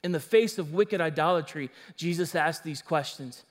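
High-voiced emphatic male preacher. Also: moderate pace. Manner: emphatic, with conversational asides to the congregation. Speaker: pastor. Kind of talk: sermon.

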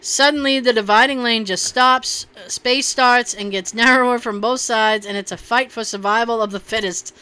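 Bright, crisp-voiced woman swearing casually. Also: fairly high pitch, steady tone, normal speed, few pauses. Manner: profane, laughing, loose and joking. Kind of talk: casual chat, reading posts aloud.

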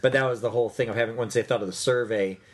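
A man co-hosting a casual movie chat, rambling quickly with restarts. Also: mid-range voice, fairly even intonation, a little hiss or hum. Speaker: podcast co-host.

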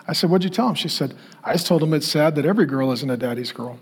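Middle-aged male preacher, slightly higher voice, personal and then emphatic. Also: racing, few pauses, husky. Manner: personal storytelling, rising to emphatic call-and-response questions. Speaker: pastor. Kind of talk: sermon.

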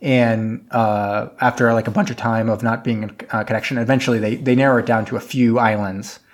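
A man in casual chat, recapping a film at length and acting out the characters with jumps in pitch. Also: steady tone, a little fast. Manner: rambling retelling, acts out characters with pitch jumps. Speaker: podcast co-host.

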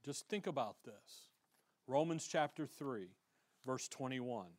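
An American man preaching a sermon, reading scripture loudly and dropping to quiet, conversational asides. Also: mid-range voice, expressive, slow pace. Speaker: pastor.

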